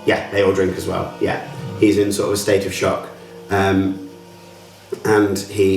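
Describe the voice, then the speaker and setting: Man game master, low voice, rambling narration, roomy sound from a distance. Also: flat delivery, normal speed, vocal fry, faint music behind. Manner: rambling, full of fillers.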